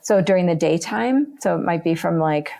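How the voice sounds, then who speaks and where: A woman's voice: on the low side, moderate pace, creaky. A woman guest on a podcast, talking loosely about leading wilderness retreats, with lots of casual fillers. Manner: relaxed, many fillers like "like" and "you know". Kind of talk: podcast conversation.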